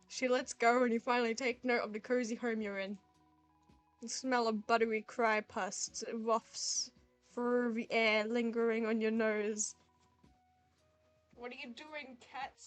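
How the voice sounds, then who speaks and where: A woman streaming a dating game, reading the narration aloud and breaking off into playful, giggly remarks. Her voice is fairly high, and soft music plays under her. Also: fairly even intonation, unhurried. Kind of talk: reading a visual novel aloud with commentary.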